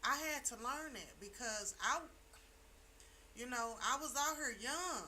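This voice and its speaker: A woman's voice: on the high side, expressive, measured pace, pushed and bright, a little hiss or hum. A middle-aged woman talking on a chat show, telling her story emphatically and repeating her key lines like a preacher. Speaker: talk show panelist. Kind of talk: casual chat.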